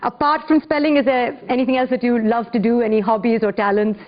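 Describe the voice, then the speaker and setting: High-voiced woman hosting a spelling contest. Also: steady tone. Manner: clear, measured, encouraging. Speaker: quiz host. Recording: dull lo-fi broadcast audio with faint music.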